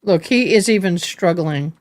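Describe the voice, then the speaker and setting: Halting woman live-stream host, lowish voice. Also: dry recording, clean studio sound. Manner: halting, repeats words when moved. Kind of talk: casual live commentary.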